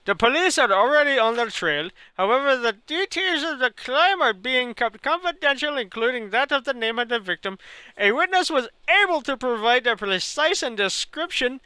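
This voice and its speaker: A man's voice: very high voice, expressive, normal speed, pushed and bright, clear, resonant tone, no echo, pitched above the performer's own voice, full character voice. A man reading a newspaper notice aloud in a put-on, exaggerated Indian accent with a sing-song, pompous delivery. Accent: mock Indian.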